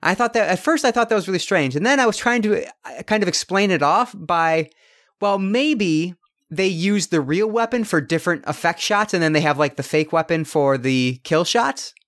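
A man's voice: high voice, lively intonation, moderate pace, a bit bright. A man co-hosting a casual film review podcast, talking in a rambling way with many fillers and restarts. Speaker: podcast co-host.

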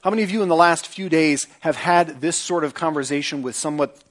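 Middle-aged male pastor, sermon delivery, rhetorical questions to the congregation, quieter when praying. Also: quick pace. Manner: acts out quoted speech with lifted pitch; prays in a softer, lower voice.

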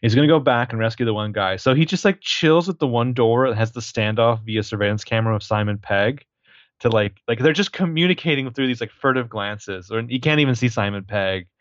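A man co-hosting a casual film podcast, retelling scenes with eager, animated enthusiasm. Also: medium pitch, fairly quick, dry recording, lo-fi sound. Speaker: podcast co-host.

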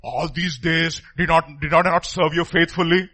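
A man's voice: a little high, normal speed, pushed and bright. A man doing a reasoning talking donkey.

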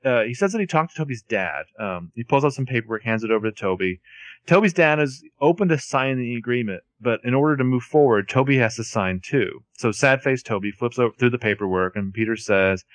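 A man's voice: medium pitch, a little fast, no room sound. A man co-hosting a podcast, casually narrating plot beats and tossing in jokes. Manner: expressive, joking, narrates plot beats with quips. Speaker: podcast co-host recapping a TV episode. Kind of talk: casual chat.

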